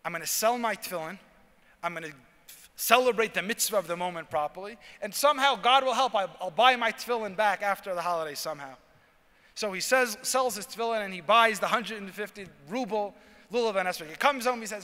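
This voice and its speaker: A man, a rabbi, giving a talk at a convention and telling a story, acting out the lines of its characters with lively energy. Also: sits high, a little fast. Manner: animated storyteller acting out dialogue. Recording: reverberant hall.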